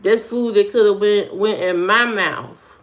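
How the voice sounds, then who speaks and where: Speaking unhurriedly in a mid-range voice, a woman from the United States chats on stream, responding to her chat with sass, jokes, and slang. She addresses viewers head-on and uses lots of fillers.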